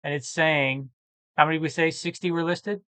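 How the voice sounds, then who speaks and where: A tired man who talks casually and thinks out loud, rambling and correcting himself as he works through reseller listings. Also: a little high, fairly even intonation, normal speed, clean tone, dry recording. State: tired, yawning. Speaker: eBay reseller vlogger. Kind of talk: casual screen-share commentary.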